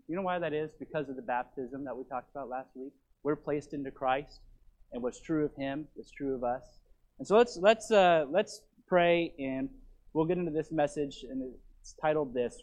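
A man preaching a sermon in a church, reading scripture with heavy emphasis and dropping to quick, quiet asides. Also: mid-range voice. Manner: emphatic, slowing to stress scripture words. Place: church sanctuary.

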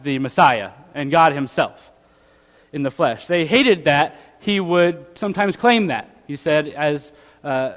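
High-voiced male preacher in a reverberant hall. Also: fairly bright tone. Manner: conversational preaching with rhetorical tag questions; reads scripture aloud in old-fashioned wording. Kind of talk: sermon.

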